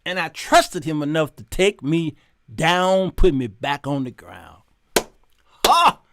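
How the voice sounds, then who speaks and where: A middle-aged man hosting his show, telling stories in a preachy, animated sermon style and quoting God in a stern voice. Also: on the high side, measured pace, noisy background. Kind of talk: sermon-like storytelling monologue.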